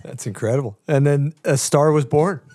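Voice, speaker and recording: A man's voice: a little high, moderate pace, mellow, no room sound. A man co-hosting a podcast, chatting in a jokey way with lots of slang. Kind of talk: casual chat.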